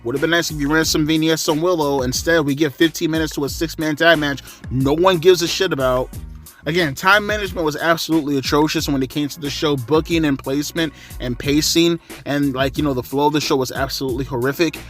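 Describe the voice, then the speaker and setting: Guy ranting loose and sweary, kinda tired and winded, a bit high pitched. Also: fairly even intonation, quick pace, fairly bright tone, soft background music. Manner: blunt, profane, rambling. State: tired, slightly out of breath. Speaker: wrestling commentary vlogger. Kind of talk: casual spoken review.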